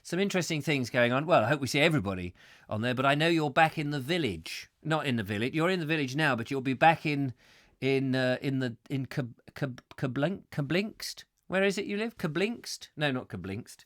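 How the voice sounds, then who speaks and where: A man's voice: mid-range voice, brisk, fairly bright tone. A man from England hosting a live comic chat show, rambling and jokey. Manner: rambling, jokey, does silly voices.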